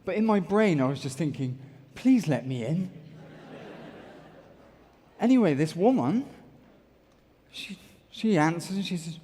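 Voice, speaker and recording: A man's voice: high voice, measured pace, pauses often. Motivational speaker, male, from the UK, playful crowd banter, hall reverb. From United Kingdom. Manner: energetic, jokey, bantering with the crowd. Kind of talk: stage talk to a large audience. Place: large auditorium. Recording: echoey large hall.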